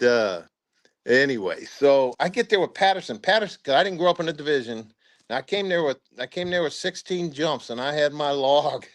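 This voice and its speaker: An older man, a retired army officer being interviewed, telling stories in a rambling, halting way with chuckles. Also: medium pitch. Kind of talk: casual spoken storytelling interview.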